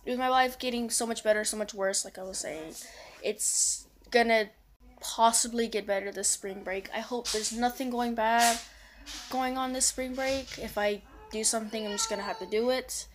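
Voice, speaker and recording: A woman's voice: on the high side, fairly even intonation, moderate pace, noisy background. A teenager with a female voice, talking in a personal confessional vlog in a subdued, hesitant, rambling way with lots of fillers and restarts. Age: teens. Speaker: vlogger.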